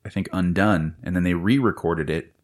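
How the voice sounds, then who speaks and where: Very deep-voiced man sharing trivia. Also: moderate pace. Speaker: podcast co-host. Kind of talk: casual chat.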